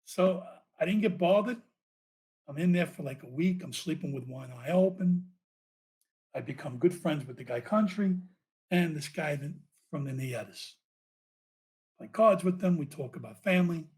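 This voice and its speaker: A man, a former police officer, telling his story as a podcast guest in a profane, animated way. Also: on the high side, moderate pace. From United States.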